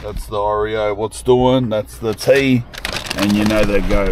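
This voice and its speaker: A young man filming a casual travel vlog, talking in excitable slang and calling the viewer bro, cuz and lad. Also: medium pitch, measured pace, noisy background. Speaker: travel vlogger.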